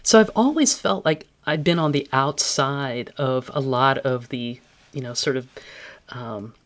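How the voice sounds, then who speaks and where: A woman's voice: extremely low pitch, measured pace. A woman-voiced podcast guest telling personal stories candidly and reflectively, laughing easily. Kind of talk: personal storytelling in interview.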